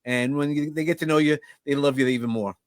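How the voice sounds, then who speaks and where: A man's voice: fairly high pitch, fast, no room sound, studio quality. A middle-aged man from Brooklyn with a New York accent, talking as an interview guest in a blunt, straight-talking, casual way. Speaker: podcast host as guest.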